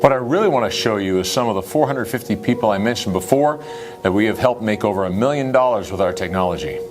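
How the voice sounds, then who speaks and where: A man giving an upbeat, salesy pitch as a company founder, chuckling now and then. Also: animated, quick pace, over music.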